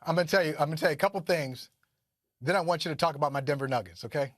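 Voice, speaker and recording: High-voiced, emphatic male sports host. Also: very fast, dry recording, studio quality. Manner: animated and emphatic, repeats phrases for punch. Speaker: co-host of a sports talk show. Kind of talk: casual sports debate.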